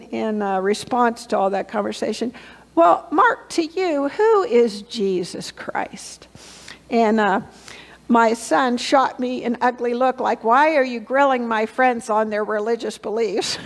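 Woman pastor, conversational sermon, gravelly and a bit high, church reverb. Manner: storytelling, with fillers and asides. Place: church sanctuary.

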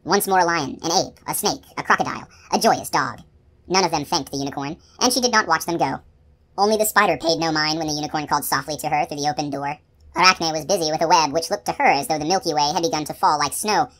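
A woman narrating a fantasy novel aloud in a steady, measured storytelling manner. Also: deep voice. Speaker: audiobook narrator.

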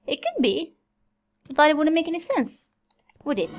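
A young woman commentating her own gameplay, nervous and easily startled, yelping at scares and talking herself calm. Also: sits high, normal speed, pauses often, noisy background. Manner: jumpy, nervous, yelps and laughs at scares. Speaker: Minecraft let's-play host.

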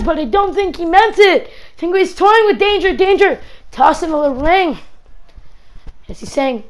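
A woman giving excitable play-by-play commentary on a wrestling match in a game, breaking into shouts at the big moves. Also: sits high, moderate pace, long pauses, rough recording.

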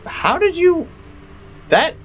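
A man's voice: extremely high pitch, sing-song, slow pace, fairly bright tone, lo-fi sound, a little hiss or hum. A man giving rambling, self-mocking let's play commentary on a horror game. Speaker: gamer.

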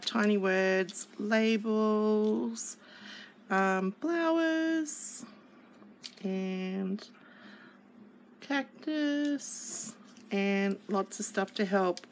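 A woman's voice: mid-range voice, slight background noise, rough recording. A woman casually unboxing craft kits, chatty and gushing as she flips through papers and stickers. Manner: gushing and chatty, with many fillers. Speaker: craft kit reviewer.

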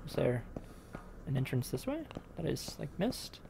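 A man's voice: medium pitch, very animated, normal speed, vocal fry. Young man, let's play host, jumpy rambling commentary, faint background hiss. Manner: nervous, rambling, muttering. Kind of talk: casual gameplay commentary.

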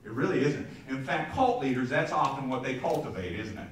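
A man's voice: mid-range voice, expressive, fairly quick, a little hiss or hum. A male pastor giving a conversational sermon to his congregation, often repeating words and restarting phrases and turning to listeners with asides. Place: church sanctuary. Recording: echoey church from a distance.

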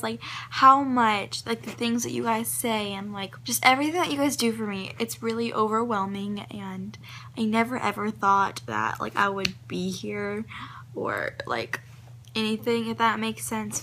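Teen girl vlogger, high voice, breathless and gushy, sick and stuffy. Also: fairly bright tone, a little hiss or hum, low-quality recording. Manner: breathless, gushing, lots of "like" and "oh my god". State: congested, sick. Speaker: YouTuber. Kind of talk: emotional thank-you vlog. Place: at home at a computer.

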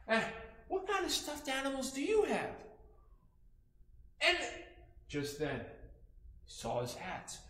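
High, animated male children's storyteller. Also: slow, pauses often. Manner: playful, animated, coaxing the audience to join in. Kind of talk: interactive storytelling for kids. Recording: echoey room.

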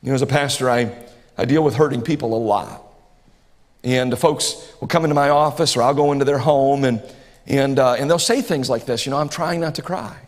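In a church sanctuary, a pastor in his 40s preaches briskly in a mid-range voice. He's earnest and repeats phrases, rising now and then to impassioned bursts, all carried by the reverberant church hall.

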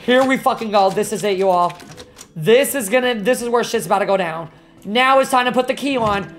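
A woman streaming a video game, talking to her chat in an expressive, dramatic way and swearing freely. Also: fairly high pitch, brisk. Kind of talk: casual gaming livestream chat. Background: faint game music.

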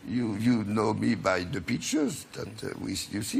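A man's voice: on the low side, huge pitch swings, normal speed, gravelly, darkish tone, a little hiss or hum. A man in his seventies with a French accent, a chat show guest who halts as he searches for English words. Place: television studio.

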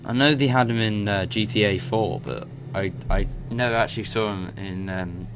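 A young man casually commenting on his own gameplay, rambling and excitable, swearing and laughing as he goes. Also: fairly low pitch, moderate pace, noisy background.

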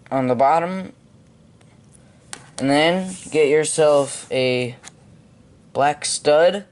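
A man giving step-by-step building instructions at home, halting with frequent ums. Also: mid-range voice. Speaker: hobby video maker.

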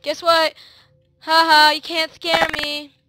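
A woman giving let's play commentary, excitable, shrieking and yelling at the screen. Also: extremely high pitch, slow. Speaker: gaming video host. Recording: loud noisy hiss under the voice.

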